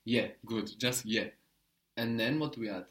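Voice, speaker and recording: A man's voice: mid-range voice, normal speed, a bit bright. A man teaching a language lesson, patiently prompting a student with short praise.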